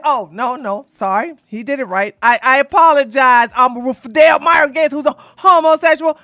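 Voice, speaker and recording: A woman doing drama commentary in a loud, animated, sassy way, often laughing and shouting. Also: high-pitched, moderate pace, few pauses, dry recording, clean studio sound.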